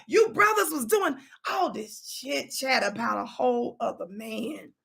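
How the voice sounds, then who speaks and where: A woman hosting her own show, giving an animated, preachy commentary monologue, repeating words for emphasis and teasing her listeners with bursts of laughter. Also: fairly high pitch, measured pace, vocal fry, hardly any pauses, slightly rough. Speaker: talk show host.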